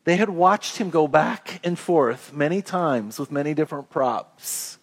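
A man preaching a sermon as a pastor, telling a story with lively crowd voices before growing quiet and earnest. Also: on the high side, a little slow.

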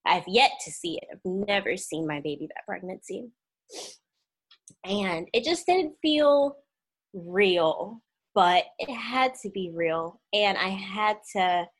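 Young woman telling her own story, emotional and open, mid pitch, pace keeps changing. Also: a bit bright, low-quality recording. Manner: emotional, candid, speeds up and slows down, acts out quoted voices. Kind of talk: personal storytelling.

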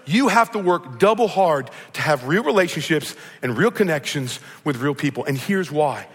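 A man's voice: a little high, lively intonation, normal speed, a bit bright, husky. A middle-aged man with a Midwestern accent, preaching a sermon and telling a story in an earnest way. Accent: Midwestern American. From American Midwest. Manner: storytelling, earnest, repeats words when starting. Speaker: pastor. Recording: long reverb of a large hall.

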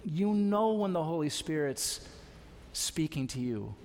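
A man's voice: a little high, expressive, a little slow, darkish tone, in a large hall. A man preaching a sermon as pastor, exhorting his congregation with repeated calls to trust and obey. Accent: American. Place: church sanctuary.

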